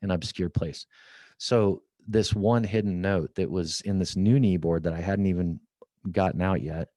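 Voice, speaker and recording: A middle-aged man, guesting on a podcast, tells a story in a deep voice at normal speed and acts out the dialogue with lively flair. He's in an office at company headquarters, and the audio has no echo.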